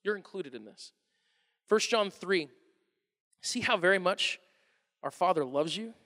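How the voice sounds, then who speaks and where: A man in his thirties delivers a sermon as pastor, his voice very high and bright. He is animated and slips into character voices for quotes. The sound rings with the long reverb of a large hall. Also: unhurried.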